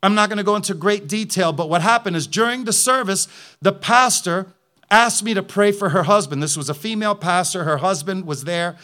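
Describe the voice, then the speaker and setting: A male pastor preaches his testimony in a high, sharp voice. He tells the story with passion and climbs into fervent declarations. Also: brisk.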